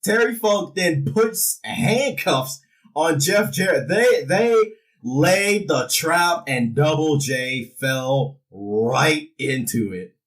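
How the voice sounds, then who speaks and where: A man with a fairly high voice talks slowly while casually recapping a wrestling show. He is animated and jokey, acting out the wrestlers' lines as comic impressions. The audio is low quality, picked up far from the mic.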